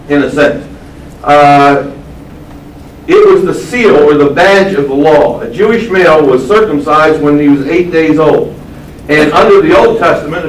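Male preacher, sermon, emphatic, slightly high pitch, echoey room, distant mic. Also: a little hiss or hum. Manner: emphatic, slows down on key words, asks the audience questions.

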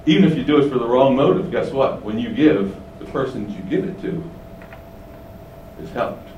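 A man's voice: medium pitch, expressive, moderate pace, roomy sound, far from the mic, highs cut off, slight background noise. A man preaching an expository sermon in a conversational way, often asking rhetorical questions and building up emphasis. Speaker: pastor.

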